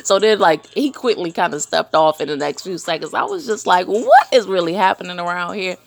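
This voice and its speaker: A woman hosting a podcast, telling funny weekend stories in a casual, animated way and acting out the other people in them. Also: on the low side, brisk, gravelly. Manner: animated storytelling, laughs often, acts out voices. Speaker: podcast host. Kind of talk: casual chat.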